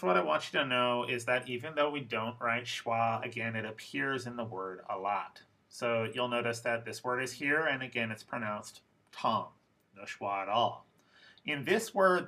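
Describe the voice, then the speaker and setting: A man teaching English pronunciation in a lecture, speaking deliberately and repeating example words slowly for learners. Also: medium pitch, pushed and bright. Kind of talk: recorded classroom lecture.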